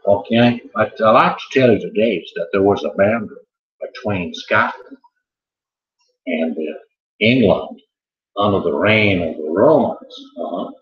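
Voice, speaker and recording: A man's voice: fairly low pitch, unhurried. A man hosting a casual quiz, joking and wandering off into chatty asides. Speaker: quiz host. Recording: echoey, muffled room sound.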